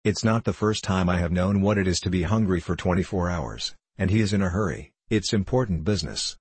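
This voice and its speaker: A man reading out a ragged, starving beggar boy who is proud and eager. the voice sits very low and husky, in a dry, close room, and the lines come in quick, earnest bursts. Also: no room sound. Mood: resolute.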